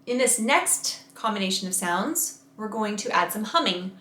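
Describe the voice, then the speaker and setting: A woman voice coach leading a guided vocal warm-up lesson, giving slow, carefully enunciated instructions and demonstrating each exercise. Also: a little high, expressive, roomy sound.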